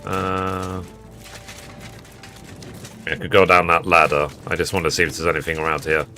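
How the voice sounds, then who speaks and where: A man's voice: deep voice, flat delivery, moderate pace, over music. A man giving casual commentary while streaming a video game, musing aloud to himself between hesitations.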